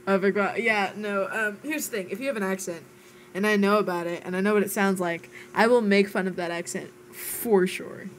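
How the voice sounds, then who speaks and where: A young American woman streams a game while chatting casually with friends, giggling and swearing playfully. Her voice is medium-pitched at a normal pace, with a little hiss or hum in the recording.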